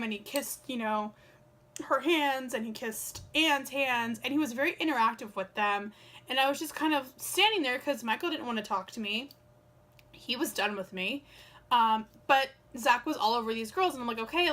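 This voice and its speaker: A young woman vlogs straight to camera, telling a loose, chatty story, saying "like" constantly and acting out both sides of every exchange with quoted dialogue. Her voice sits a bit high, with a bright, forward edge.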